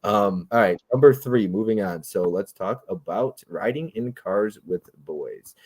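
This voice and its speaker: A man hosting a casual livestream about movies, rambling and jokey, often breaking into loud impressions. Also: on the low side, a little slow, no echo. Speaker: host.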